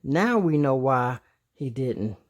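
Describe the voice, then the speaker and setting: A man's voice: mid-range voice, sing-song, slow pace. A man reading a storybook aloud, voicing a clever, sensible boy chipmunk who explains things in a matter-of-fact way. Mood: explaining.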